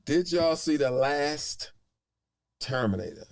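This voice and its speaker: A man's voice: a little high, expressive, takes it slowly, vocal fry, dry recording, clean studio sound. A man co-hosting a talk show, chatting casually and teasing his guest, often laughing as he talks. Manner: teasing, laughs while talking. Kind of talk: casual chat.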